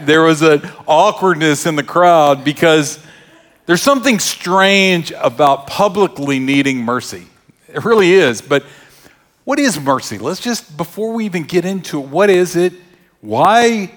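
Brief: male pastor, chatty joking sermon delivery, higher voice. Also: fairly bright tone. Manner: conversational, joking storyteller.

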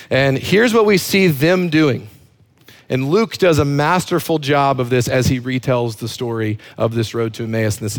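A man preaching a sermon as a pastor, emphatic and fond of repeating words for effect. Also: medium pitch.

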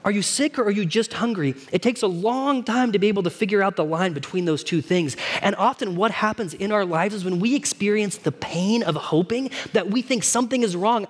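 A man's voice: sits high, fairly quick, hardly any pauses. A man preaching a sermon to his congregation in a casual, conversational way, often asking them questions. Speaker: pastor. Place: church hall.

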